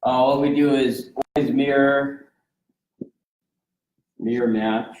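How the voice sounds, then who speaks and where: Energetic man coaching, roomy sound. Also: mid-range voice. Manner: energetic, acts out calls in quick voices. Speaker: real estate investing coach. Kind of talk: casual coaching talk to a group.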